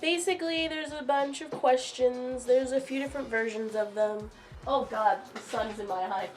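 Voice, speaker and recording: A woman's voice: high-pitched, moderate pace, faint music behind. A woman in her twenties from the United States hosting a casual couple Q&A vlog outdoors, bubbly and teasing. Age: 20s. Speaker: YouTube host. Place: outdoors in sunlight.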